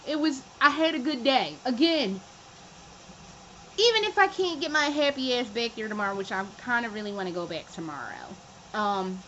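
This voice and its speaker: A woman's voice: sits high, a bit bright, highs cut off, a little hiss or hum. A young woman chatting casually in a home vlog, profane and often laughing. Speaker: vlogger. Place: room at home.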